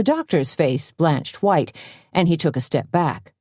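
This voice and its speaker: A woman reading a cozy mystery audiobook in steady storytelling narration. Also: sits low, unhurried, breathy edge, no room sound, studio quality. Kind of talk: scripted narration.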